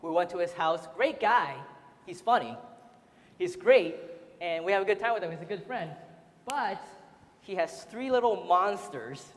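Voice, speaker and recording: A man's voice: sits high, animated, normal speed. A man giving a casual, chatty seminar talk to an audience, laughing often and full of fillers. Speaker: seminar speaker. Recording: roomy hall reverb.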